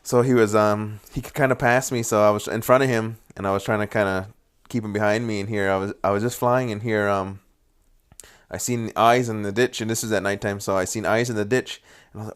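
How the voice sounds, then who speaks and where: A young man in casual podcast chat who agrees constantly and tells animated stories, acting out his own exclamations. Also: lowish voice, brisk, smooth.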